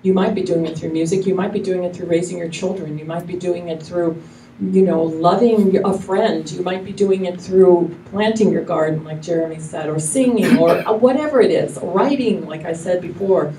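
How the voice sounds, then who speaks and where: A woman's voice: fairly low pitch, moderate pace, dark tone. A woman minister giving a casual, effusive sermon to her congregation, rambling loosely and restarting her sentences often. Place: church hall with live congregation. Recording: echoey hall, mic from far off, faint noise.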